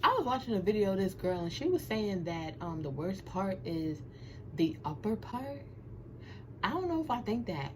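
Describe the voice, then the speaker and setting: A woman's voice: mid-range voice, big pitch swings, moderate pace, slight background noise. A young woman filming a casual vlog at home, chatting playfully with her viewers and giggling through her nerves. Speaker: vlogger. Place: small room at home under a ring light.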